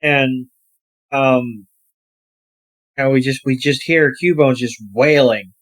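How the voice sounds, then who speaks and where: A man's voice: mid-range voice, steady tone. A man co-hosting a podcast, recapping a film casually and hesitantly, with plenty of fillers. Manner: unhurried, hesitant storytelling with fillers. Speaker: podcast co-host.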